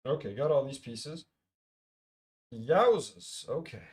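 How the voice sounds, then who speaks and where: A man's voice: mid-range voice, animated, moderate pace. A man streaming a LEGO build, chatting casually, muttering piece counts to himself and swearing now and then. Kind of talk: casual live-stream chat.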